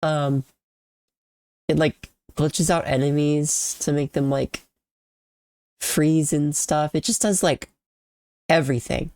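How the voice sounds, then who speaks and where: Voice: medium pitch, steady tone, darkish tone, no room sound. Congested, tired streamer rambling. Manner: rambling and halting, trails off and restarts sentences. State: sick and congested. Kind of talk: casual livestream commentary on a video game.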